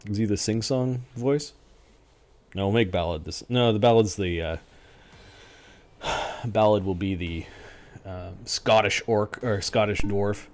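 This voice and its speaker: Playful low-voiced man streaming a game. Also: unhurried, pauses often. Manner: playful, muttering asides to himself, sometimes hushed. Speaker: streamer playing a retro computer role-playing game. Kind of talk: live game commentary. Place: home streaming setup.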